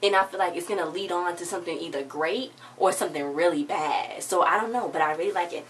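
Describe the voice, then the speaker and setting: A low-pitched woman talks fast and loosely, recapping a TV episode and piling "like" into almost every sentence. She sits a little back from the mic, with a faint hum of noise behind her. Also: distant mic. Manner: rambling, filler-heavy, "like" every few words. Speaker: TV episode reviewer.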